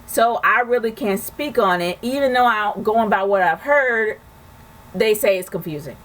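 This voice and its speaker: A woman's voice: medium pitch, low-quality recording. Chatty woman answering viewer questions. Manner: chatty, frank, rambling with restarts and light laughs. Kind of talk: casual chat.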